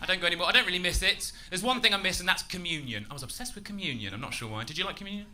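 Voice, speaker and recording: Lincolnshire man doing lively stand-up. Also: sits high, rapid-fire. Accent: Lincolnshire English. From England. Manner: chatty, self-mocking, with loud shouted bursts. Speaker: stand-up comedian. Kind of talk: stand-up comedy set. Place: comedy club stage with audience. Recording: live club recording with crowd noise.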